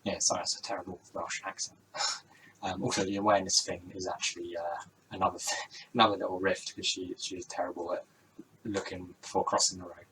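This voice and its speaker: A man's voice: sits low, level tone, fairly quick, pushed and bright, slight background noise, poor audio. A man narrating his homemade game, reading scene titles and adding casual asides.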